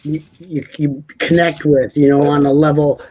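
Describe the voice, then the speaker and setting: A man's voice: fairly high pitch, little pitch movement, moderate pace, dark tone, poor audio. A man co-hosting a casual live stream panel, talking in a rambling way, repeating words and laughing often.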